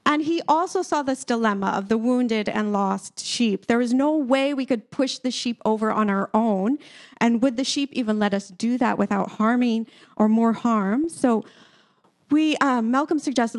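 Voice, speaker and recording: A woman pastor giving a sermon, telling a personal story in a relaxed, conversational way with occasional light laughter. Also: fairly high pitch, moderate pace.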